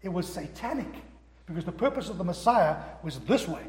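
Brief: male pastor, high voice, emphatic sermon delivery, acts out scripture dialogue, long hall reverb. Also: very animated, a little fast, darkish tone. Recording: echoey hall.

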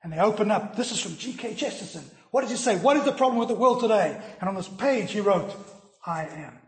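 A man's voice: high-pitched, fast talker. Man preaching in an echoey church. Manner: earnest preaching with swings from loud to hushed. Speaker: pastor. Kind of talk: sermon.

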